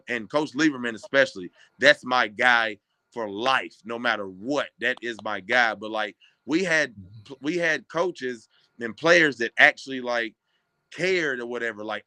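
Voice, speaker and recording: A man's voice: mid-range voice, dry recording. A man in his thirties from Kentucky, a former basketball player telling stories as a podcast guest and acting out what others said. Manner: animated, acts out other people's lines. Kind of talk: casual storytelling. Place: podcast studio.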